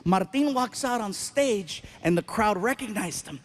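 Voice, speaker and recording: A man doing stand-up storytelling, animated and acting out voices and crowd sounds. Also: high-pitched, a little slow. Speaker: stand-up comedian.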